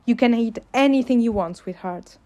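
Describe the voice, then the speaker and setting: A gentle young man , voiced by a woman reading a fan story, who speaks to his partner with steady affection and reassurance. His lines sit a little higher and fuller than the narration around them, warm in intent but unforced. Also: normal speed, muffled recording, natural voice. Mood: tender. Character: gentle, doting young man, a caring boyfriend.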